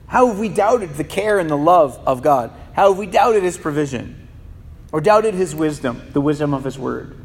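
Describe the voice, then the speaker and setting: A man's voice: a little high, expressive, moderate pace, husky. A male pastor giving an impassioned sermon in a church, often repeating words as he builds a point. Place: church sanctuary. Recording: reverberant hall.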